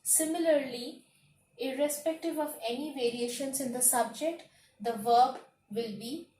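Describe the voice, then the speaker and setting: Slow echoey teacher woman. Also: high voice, warm tone, distant mic, slight background noise. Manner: slow, repeats points, lists words one by one. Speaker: English teacher. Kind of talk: grammar lesson. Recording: echoey room, voice off-mic.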